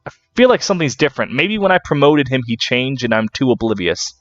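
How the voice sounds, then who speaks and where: A man's voice: mid-range voice, sing-song, quick pace, fairly bright tone, no echo, dull audio, faint music behind. A man giving casual, jokey commentary on a game he is playing, laughing and swearing freely. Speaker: let's play commentator.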